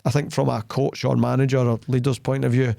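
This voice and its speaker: A man hosting a podcast tells stories bluntly and plainly in casual chat, animatedly acting out the quoted dialogue. His voice is medium-pitched, brisk, and gravelly, captured in clean studio sound with no echo.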